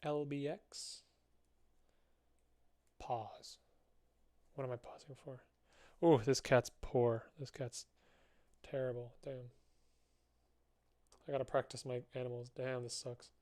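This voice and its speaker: A young man chats in a relaxed, joking way with viewers while drawing on a live stream, his heavy breathing audible through a close mic. His voice is mid-range, and he takes things slowly with long pauses.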